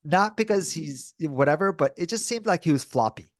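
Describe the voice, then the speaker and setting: A man co-hosting a podcast in casual chat, telling a story in a lively way and acting out the voices of the people in it, often saying dude and bro. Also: on the high side, moderate pace, no room sound, studio quality. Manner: animated, acts out quoted dialogue. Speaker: podcast co-host.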